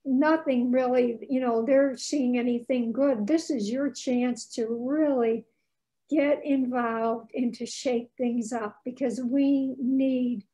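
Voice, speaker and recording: A woman's voice: sits high, steady tone, slow, mellow, rough recording. A woman author as a podcast guest, telling stories with passion and indignation. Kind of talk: casual interview chat.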